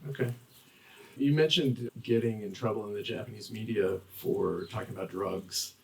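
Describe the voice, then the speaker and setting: Male interviewer at a bookstore book talk; low-pitched, gravelly, short prompts. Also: steady tone, moderate pace, low-quality recording. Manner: brief prompts and quiet back-channel remarks. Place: bookstore event.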